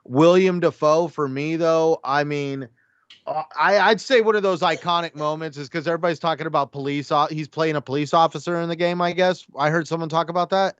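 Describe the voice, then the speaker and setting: A man chatting excitedly on a gaming podcast, rambling with lots of fillers. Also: a little high, fairly quick, clean tone, dry recording, muffled recording. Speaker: podcast panelist. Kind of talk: casual chat.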